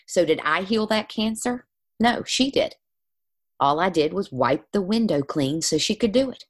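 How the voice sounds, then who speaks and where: A woman's voice: mid-range voice, moderate pace. A woman, a guest on a conversational show, telling stories with animation and acting out the voices of other people. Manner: animated, acts out quoted voices. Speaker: guest, spiritual healer. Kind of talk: storytelling in conversation.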